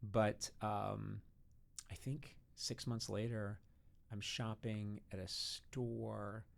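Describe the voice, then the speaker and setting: A man's voice: on the low side, little pitch movement, very slow, creaky. A man in his sixties, a podcast guest, chatting casually and telling anecdotes, sometimes acting out other people's lines. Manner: storytelling, acts out voices of family and others. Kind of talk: casual interview chat.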